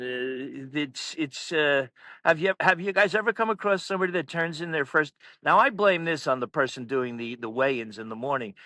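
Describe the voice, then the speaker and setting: A man, a powerlifting meet announcer, telling stories in casual chat, animated and laughing often. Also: medium pitch, dry recording. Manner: animated, laughs through stories, acts out quotes loudly. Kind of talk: casual storytelling.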